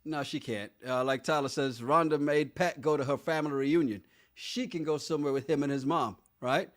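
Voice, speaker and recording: A man's voice: fairly high pitch, steady tone, a little fast. A man co-hosting a podcast in casual chat, laughing often and reading out listener comments. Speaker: podcast co-host.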